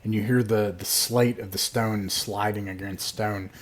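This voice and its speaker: A man narrating a tabletop game as game master, relaxed and halting. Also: on the low side, a little hiss or hum.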